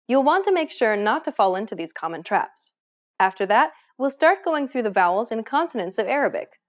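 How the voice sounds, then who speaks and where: Woman, language lesson host, upbeat and encouraging, lively pitch, fairly high voice. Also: fairly quick. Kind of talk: scripted lesson narration.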